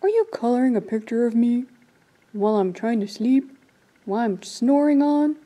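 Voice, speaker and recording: A woman doing a loud, whiny grumpy bear. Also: fairly high pitch, expressive, moderate pace. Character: grumpy male bear woken from sleep.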